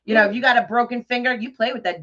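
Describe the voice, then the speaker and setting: Very fast and pushed, her slightly high, bright voice holds a fairly even intonation as this middle-aged woman hosts a bow-making craft livestream. She chats casually, laughs often and calls out viewers by name; the audio is dull and lo-fi.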